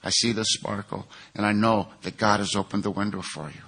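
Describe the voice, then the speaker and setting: A man voicing an old male sponsor who speaks in a soft, grave and steady way. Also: fairly low pitch, fairly quick, creaky, husky, exaggerated voice.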